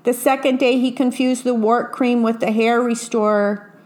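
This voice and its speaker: A woman reading a picture book aloud, pausing to describe the pictures casually. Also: fairly high pitch, steady tone, a little mellow. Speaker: storyteller.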